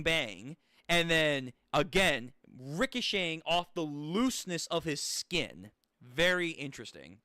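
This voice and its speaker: A young man casually reading a manga aloud and commenting, excitable and joking, with profane asides. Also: a little high, no echo, studio quality. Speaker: channel host reading a manga.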